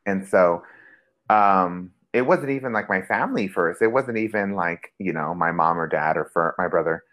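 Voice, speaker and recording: A man's voice: sits low, moderate pace. A young man in casual podcast chat, telling a personal story with animation and acting out the other voices in it. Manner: animated storyteller, acts out quoted voices, heavy use of "like". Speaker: podcast co-host.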